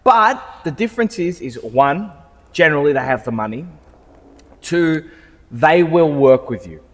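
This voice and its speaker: A man's voice: a little high, expressive, unhurried. Man rambling in reverberant showroom. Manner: rambling, restarts often, swears casually. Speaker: car salesman and podcast co-host. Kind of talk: casual chat. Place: car showroom.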